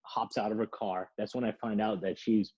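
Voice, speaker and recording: A man's voice: on the low side, fairly even intonation, normal speed, darkish tone, husky, muffled recording. A man casually telling a long, rambling story on a podcast, laughing and swearing.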